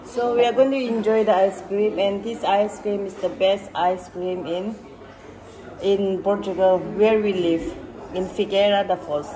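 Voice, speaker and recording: A woman's voice: mid-range voice, fairly even intonation, measured pace, warm tone, rough recording. A woman from India chatting cheerfully in simple English for her vlog at an ice cream shop, laughing often. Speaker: vlogger. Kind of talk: casual vlog chat. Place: ice cream shop at night, busy with people. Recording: crowd chatter behind.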